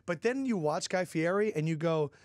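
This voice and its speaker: A young man co-hosting a podcast, telling stories in a lively, animated way and acting out the people he quotes. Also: fairly high pitch, moderate pace, dry recording, clean studio sound. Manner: animated storyteller, quotes people in bursts, curses. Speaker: podcast co-host. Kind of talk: casual chat.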